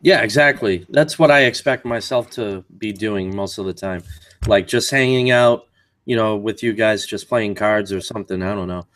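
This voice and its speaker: A man hosting a casual live show, talking in a relaxed, hesitant way with many fillers. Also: lowish voice, normal speed, dry recording. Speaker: show host.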